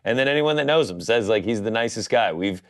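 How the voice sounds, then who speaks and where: A man's voice: fairly low pitch, animated, fast, dry recording, clean studio sound. A man co-hosting a casual talk show, easygoing and enthusiastic. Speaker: co-host. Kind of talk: casual chat.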